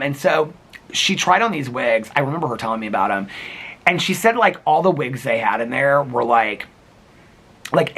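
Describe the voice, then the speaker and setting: A man's voice: mid-range voice, a bit bright, husky. A man telling a personal story in a casual home vlog, seated in a chair with the camera on a table and rambling with many filler words. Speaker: vlogger.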